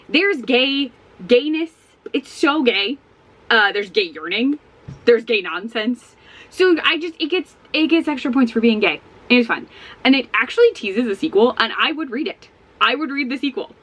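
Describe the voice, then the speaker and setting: A woman's voice: mid-range voice, moderate pace, rough recording. A sleepy woman chatting casually at home in a book vlog, rambling and often breaking off mid-thought. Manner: rambling, self-interrupting, animated. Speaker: book vlogger. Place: at home with a barking dog nearby.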